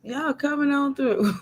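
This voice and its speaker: A woman's voice: high voice, slow pace, dark tone. A woman hosting a casual late-night live chat, laughing often and easygoing. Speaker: live stream host.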